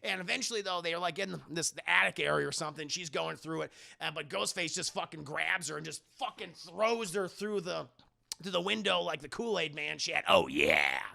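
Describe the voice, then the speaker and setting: A man's voice: a little high, a little fast, gravelly, bright, forceful tone. A man hosting a livestream, animatedly recapping a film to his chat with lots of profanity. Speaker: streamer host.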